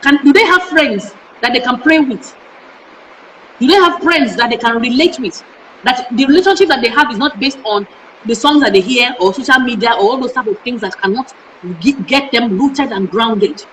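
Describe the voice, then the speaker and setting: A woman's voice: a little high, normal speed, a bit bright, slight background noise. A middle-aged Nigerian woman, a parenting educator, speaking passionately in an interview and firing off emphatic rhetorical questions. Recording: echoey room.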